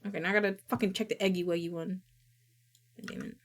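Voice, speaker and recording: A woman streamer chatting casually to herself, muttering, swearing often and reading script lines quickly. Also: mid-range voice, fairly even intonation.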